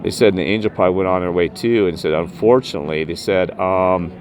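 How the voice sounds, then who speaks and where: A man vlogging a rambling personal story about spirits, emphatic and jumping up in pitch when he quotes himself. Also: fast, faint music behind. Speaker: paranormal vlogger.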